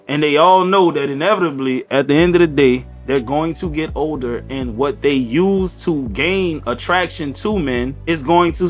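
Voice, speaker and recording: Man reacting on camera, blunt and slangy, matter-of-fact, middle pitch, faint music underneath. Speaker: reaction video host. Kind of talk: casual commentary.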